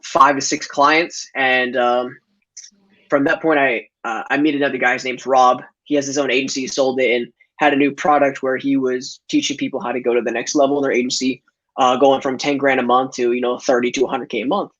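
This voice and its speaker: A man's voice: medium pitch, level tone, brisk, fairly bright tone. Chatty man on a dull lo-fi call. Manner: loose, filler-heavy, laughs often. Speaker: podcast guest. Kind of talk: casual storytelling. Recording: dull lo-fi audio.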